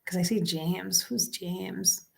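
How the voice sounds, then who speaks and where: Chatty woman medium with soft whispered asides. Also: lowish voice, steady tone, takes it slowly, vocal fry. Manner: chatty, addresses viewers directly, drifts into soft near-whispered asides. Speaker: psychic medium. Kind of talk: casual spoken reading on camera.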